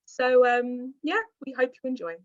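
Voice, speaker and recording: A young woman in her twenties hosts a cast introduction on a video call, speaking at normal speed in a high-pitched, put-on posh voice. She's giggly and upbeat, giggling between lines in casual chat, and the audio is dull lo-fi video call sound.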